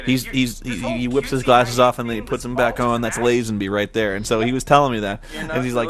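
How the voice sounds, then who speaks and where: A man's voice: medium pitch, little pitch movement, fairly quick, hardly any pauses, crowd noise. A man giving a casual, rambling film commentary, full of restarts and fillers, often laughing. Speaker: commentary host.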